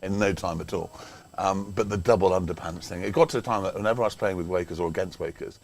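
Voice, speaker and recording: A man's voice: low voice, quick pace. Older man doing easygoing cricket commentary. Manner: chatty, rambling anecdotes, chuckling. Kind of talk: casual match commentary. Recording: faint background noise.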